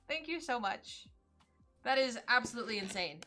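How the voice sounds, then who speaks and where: A woman in her thirties, a streamer chatting casually on a live stream and opening gifts in a bubbly, excitable way. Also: a little high, a little fast, soft background music. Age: 30s.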